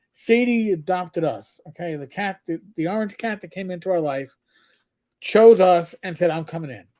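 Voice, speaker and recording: A man co-hosting a casual livestream chat, an animated storyteller who often restarts his sentences and reads viewer comments aloud. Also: sits high. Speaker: livestream co-host.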